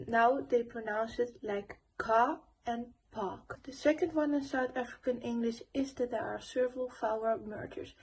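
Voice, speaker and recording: A young woman giving a school presentation voice-over, reading her notes with pauses and fillers. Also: a little high, a little mellow, a little hiss or hum, low-quality recording. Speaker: student presenter.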